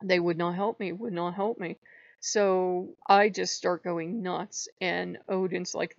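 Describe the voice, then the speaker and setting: An agitated woman rants close to the mic, her voice gravelly with fry. She is near tears, repeats herself and swears freely. The sound is dull and dry, with no room around it. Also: on the low side, fairly even intonation, slow pace, no room sound. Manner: upset, venting, swears often, rambling with repeats. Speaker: channel host. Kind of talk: emotional personal vlog rant.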